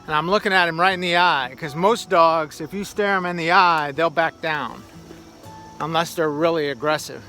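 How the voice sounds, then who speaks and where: A man talking casually while hiking a mountain trail, a little out of breath, telling a story in an animated way. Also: high-pitched. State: slightly out of breath. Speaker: hiker vlogger.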